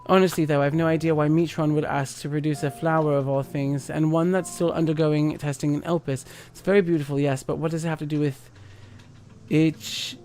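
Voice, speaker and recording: A man's voice: on the high side, flat delivery, a little fast, a little mellow, soft background music, lightly acted. A man reading aloud the lines of an earnest young woman scholar in a game, stumbling over names now and then.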